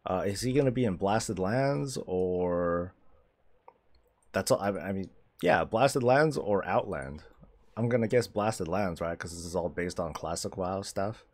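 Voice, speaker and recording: A man with a lowish voice talks through his gameplay on a live stream. His pitch jumps around a lot as he chats, swears and laughs along. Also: unhurried. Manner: animated, swears freely, laughs often. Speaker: streamer host. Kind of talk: casual gameplay commentary.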